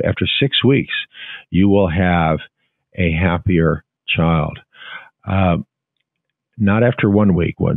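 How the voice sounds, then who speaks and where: Guest expert, male, middle-aged, very low voice, firm and plain-spoken, dry phone-like audio. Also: dry recording. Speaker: guest expert, physician and psychologist. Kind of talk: interview answers, advice. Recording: dry, phone-like line, remote call.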